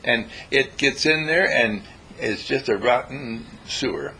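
A man giving a motivational talk, animated and acting out little dialogues in changing voices. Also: mid-range voice, unhurried, a little hiss or hum, poor audio. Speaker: inspirational speaker.

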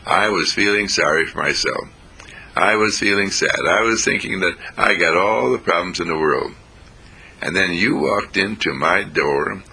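Man voicing a tender doting grandma, low and gravelly. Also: moderate pace, exaggerated voice. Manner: gentle, tender, warm-hearted. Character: grandmother, affectionate and gentle.

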